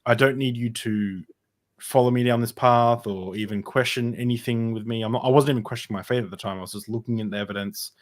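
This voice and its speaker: A man's voice: medium pitch, steady tone, fast. A man talking as a podcast guest, telling his personal story in a casual, rambling way with many fillers and restarts.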